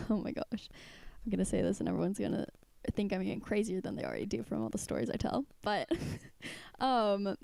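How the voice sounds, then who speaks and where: Giggly young woman with a mellow voice. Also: medium pitch, big pitch swings, moderate pace, vocal fry, dry recording. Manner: giggly, rambling storyteller. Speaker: podcast co-host. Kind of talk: casual chat.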